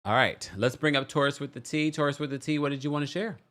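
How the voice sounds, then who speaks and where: A man's voice: a little high, fairly even intonation, quick pace, fairly bright tone. A man with an American accent hosting a casual call-in show, chatty and laughing often. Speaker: podcast host taking callers.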